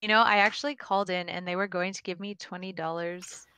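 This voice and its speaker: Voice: medium pitch, fairly even intonation, fast, bright, forceful tone, a little hiss or hum. A podcast guest in casual chat, answering briefly and offhand.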